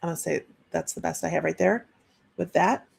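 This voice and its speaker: A woman's voice: fairly low pitch, fairly even intonation, fairly quick, vocal fry, darkish tone, breathy edge. A woman working as a psychic medium, giving a chatty live-streamed reading and relaying messages with frequent restarts.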